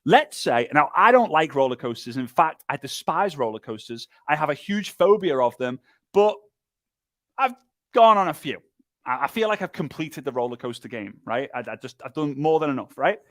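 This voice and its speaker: Energetic man giving a pep talk. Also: on the high side, normal speed, no room sound, clean studio sound. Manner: energetic, emphatic, lively, with repetition and mimicry. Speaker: speaker and business trainer. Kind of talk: motivational training talk.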